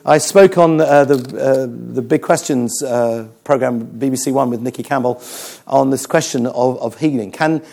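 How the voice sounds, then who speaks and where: A man preaching a sermon, telling stories with jokes and an animated delivery. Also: medium pitch, normal speed, creaky, hardly any pauses. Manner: animated, joking storyteller.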